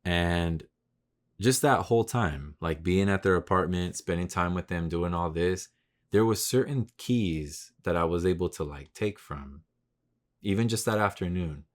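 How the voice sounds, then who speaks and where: A man in his thirties with a low, deep voice, hosting a solo podcast in a loose, rambling way. He swears freely, talks in slang, and gets loud and worked up when he rants. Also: measured pace. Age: 30s. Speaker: podcast host. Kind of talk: casual solo podcast monologue.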